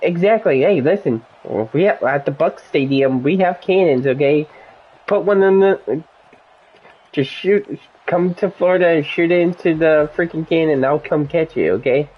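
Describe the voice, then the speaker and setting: A gaming streamer chatting casually while playing, rambling and animated as they jump from one topic to the next. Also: mid-range voice, normal speed, slightly rough, muffled recording.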